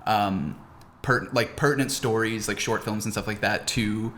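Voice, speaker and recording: Bright-voiced rambling young man. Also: on the low side, steady tone, moderate pace. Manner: rambling, heavy use of "like", laughs often. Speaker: podcast co-host. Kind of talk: casual chat. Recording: roomy echo, faint noise.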